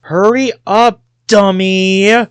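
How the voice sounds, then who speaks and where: A man's voice: medium pitch, a little slow, vocal fry, no echo. A man voicing a bratty, snappy teenage girl who throws insults while reading a game aloud.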